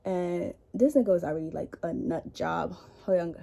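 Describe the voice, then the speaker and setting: A woman's voice: fairly low pitch, moderate pace, vocal fry, warm tone. A young woman telling a rambling, profane story in a casual makeup vlog, recorded indoors at home on a camera in front of her. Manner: chatty, profane, rambling, with many likes. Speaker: beauty vlogger.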